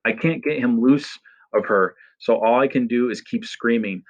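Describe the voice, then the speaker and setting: A man's voice: medium pitch, normal speed. A man narrating an audiobook in the first person, with an intense, dramatic reading in a slightly muffled recording.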